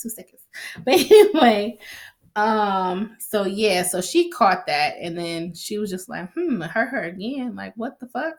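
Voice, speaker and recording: A woman giving a casual, chatty recap of a TV episode, swearing freely and acting out the characters' lines. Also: on the high side. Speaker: TV recap vlogger.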